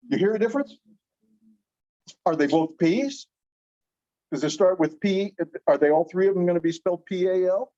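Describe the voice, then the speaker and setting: A middle-aged man teaching a language class in a chatty, animated way, often asking the class questions. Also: fairly high pitch, normal speed, muffled recording. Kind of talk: classroom lecture.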